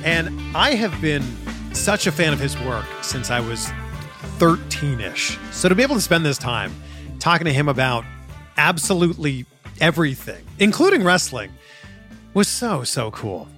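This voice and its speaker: A male interview host wraps up with thanks and appreciation. His pitch sits a little high and swings a lot. Clear music plays behind his voice. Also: sing-song, moderate pace. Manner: warm, appreciative sign-off.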